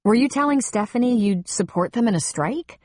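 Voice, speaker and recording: A woman's voice: on the high side, animated, moderate pace, a little mellow, no echo, pitched above the performer's own voice. A firm female airline captain, voiced by a woman reading an audiobook gives clipped commands in a slightly raised voice. Her tone leaves no room for argument. The recording is dry and close. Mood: sharp.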